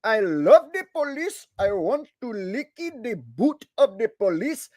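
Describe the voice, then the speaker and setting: A man putting on an Indian accent, playing a loud, bossy man who loves the police and keeps saying "my friend". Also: sing-song, measured pace, no room sound, studio quality. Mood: ranting. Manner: shrill, ranting, repeats "my friend".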